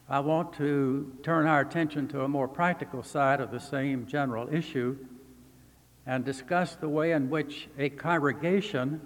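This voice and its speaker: An older man from Texas giving a formal academic lecture as a visiting seminary professor, speaking in measured, deliberate phrases with pauses. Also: a little high. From Texas, USA. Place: lecture hall. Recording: long reverb from a large hall.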